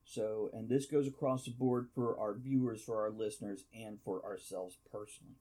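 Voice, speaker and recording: A man's voice: lowish voice, steady tone, normal speed, mellow. A man hosting a casual chat among writers, giving rambling, encouraging feedback. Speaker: podcast host.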